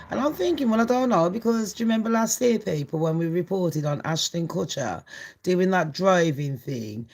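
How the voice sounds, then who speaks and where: A woman hosting a celebrity gossip channel, chatting casually in a brash, sweary way and laughing often. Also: lowish voice.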